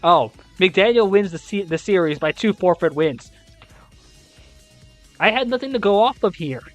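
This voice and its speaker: A young adult esports host goes over league scores and standings and playoff analysis, then breaks into incredulous, exasperated rants with casual swearing. His voice swings widely and expressively in pitch with lively intonation at a normal speed, over faint background music.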